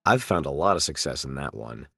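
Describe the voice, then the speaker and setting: A man's voice: rumbling low, big pitch swings, fairly quick, gravelly, fairly bright tone, breathy edge. A man who works as a voice actor, talking casually and reflectively as an interview guest, with playful self-deprecating asides.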